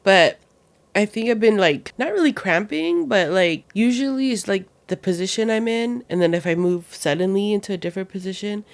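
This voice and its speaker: A woman's voice: mid-range voice, normal speed. A pregnant woman in her thirties, co-hosting a podcast in casual chat and acting out quoted lines as she tells a family story. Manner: animated storyteller, acts out quotes. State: heavily pregnant. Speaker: podcast co-host.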